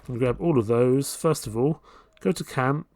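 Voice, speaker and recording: A man's voice: mid-range voice, normal speed. A man hosting a let's play, giving casual commentary as he plays and thinking aloud about his next moves. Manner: relaxed, thinking aloud while playing. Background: faint game music.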